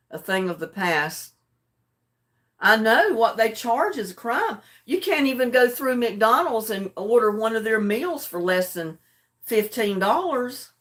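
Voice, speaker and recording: Livestream host, older woman, homey easygoing chatter, relaxed and a bit sleepy. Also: a little high, takes it slowly, long pauses. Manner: chatty, homey, chuckles often. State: drowsy and relaxed. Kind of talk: casual chat with live viewers.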